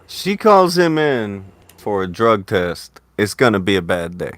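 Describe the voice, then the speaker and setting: A man's voice: lowish voice, big pitch swings, a little slow. A man hosting a casual livestream commentary show, wry and needling, swearing casually as he riffs on online drama. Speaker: stream host.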